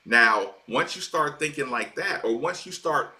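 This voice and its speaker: Sports-talk co-host, male, forceful tone, lots of restarts. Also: mid-range voice, measured pace. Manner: animated, repeats words as he restarts.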